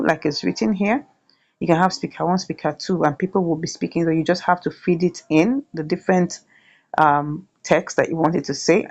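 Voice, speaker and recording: A woman's voice: lowish voice, darkish tone, muffled recording. A woman hosting a chatty screen-share tutorial, often checking in with "right?". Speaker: YouTube tutorial host.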